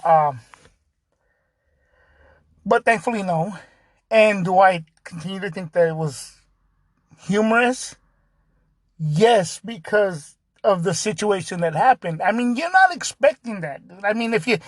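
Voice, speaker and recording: A man with a notably high voice hosts his own podcast and tells a story in a relaxed, chatty way. He's laid-back, sprinkling in "dude" and "like," and laughs often. The sound is dry and close, with no room echo.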